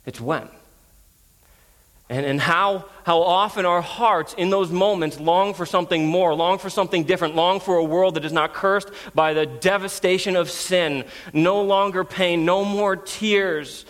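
A man's voice: high voice, a little slow, fairly bright tone. A man in his thirties preaching as a guest, earnest and storytelling, with frequent restarts. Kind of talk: sermon.

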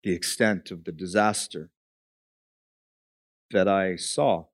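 A man's voice: sits low, fairly even intonation, slow, dry recording, clean studio sound. Man preaching a story with rising passion. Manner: builds from quiet storytelling to impassioned preaching. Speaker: pastor. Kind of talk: sermon.

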